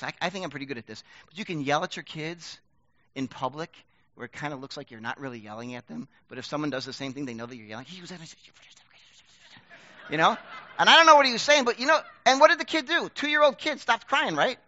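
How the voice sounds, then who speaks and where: Conversational pastor, man, loud to hushed. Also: very high voice, no room sound, muffled recording. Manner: conversational and self-deprecating, swings from loud to hushed. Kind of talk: sermon.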